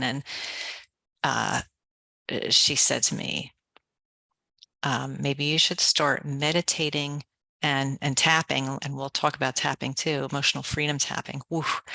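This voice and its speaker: Bright, gravelly-voiced woman author. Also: sits low, no echo. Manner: energetic storyteller, coaching tone. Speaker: author and podcast guest. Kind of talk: conversational interview, guided relaxation instructions.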